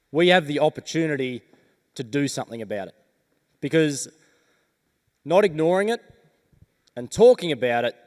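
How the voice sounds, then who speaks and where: Man, motivational speaker, rallying and earnest, slightly raised pitch, hall reverb. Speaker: keynote speaker. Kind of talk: motivational talk on stage. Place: large conference hall.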